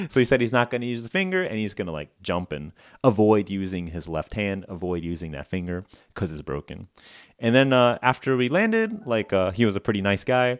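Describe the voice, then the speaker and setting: A man's voice: fairly low pitch, sing-song, brisk, clear, resonant tone, dry recording, studio quality. A man hosting a podcast for English learners, telling a story casually in simple words, with lots of "like" and frequent chuckles. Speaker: podcast host.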